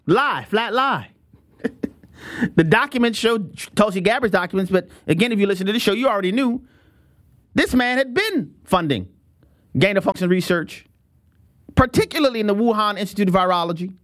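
A man hosting a talk show, giving opinionated commentary in an animated way, dropping his voice low for asides and laughing often. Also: fairly quick.

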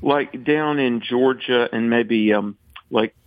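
A man from the American South with a Southern accent, a radio guest telling lively anecdotes. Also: mid-range voice, takes it slowly, no echo, narrow, tinny audio. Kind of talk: storytelling on radio.

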